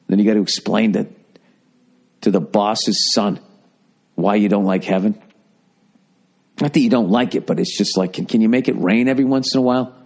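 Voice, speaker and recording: A man's voice: fairly low pitch, steady tone, brisk, pauses often, darkish tone. A middle-aged man hosting a comedy podcast, ranting with lots of swearing and slipping into mocking voices. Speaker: podcast host.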